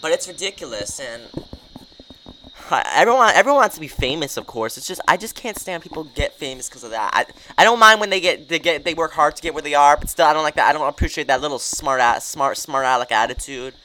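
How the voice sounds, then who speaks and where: Animated young ranting podcast host. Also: fast. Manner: animated, ranting, swings pitch widely. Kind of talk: casual chat.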